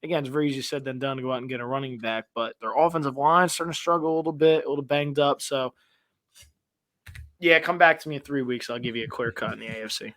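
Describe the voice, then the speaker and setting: A young man co-hosting a sports podcast, ranting in an animated way with a voice that climbs higher when he gets fired up. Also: quick pace, no echo. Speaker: podcast co-host. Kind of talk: casual sports chat.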